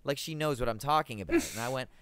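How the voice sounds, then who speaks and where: A man's voice: medium pitch, fast, a bit bright, dry recording. A young man, a podcast guest and musician, chatting casually and acting out quoted voices as he tells a story.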